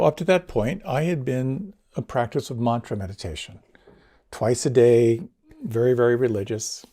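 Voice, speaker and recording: An older man, a meditation teacher, recounting his experiences in a reflective storytelling talk, swinging between near whispers and lively bursts. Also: mid-range voice, gravelly, slightly rough. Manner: animated, drops to near whispers and rises again.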